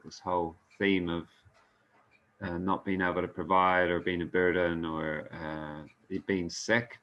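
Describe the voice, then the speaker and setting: A man's voice: sits low, fairly bright tone, lo-fi sound. A man with a New Zealand accent sharing candidly with a group, hesitant with fillers. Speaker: workshop participant.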